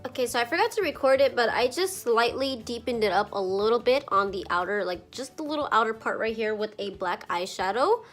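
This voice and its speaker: A young woman talks a little fast and with few pauses in a fairly high voice, narrating a chatty makeup tutorial as a beauty vlogger. Allergies have her slightly congested, and she uses plenty of fillers and some casual swearing over faint background music.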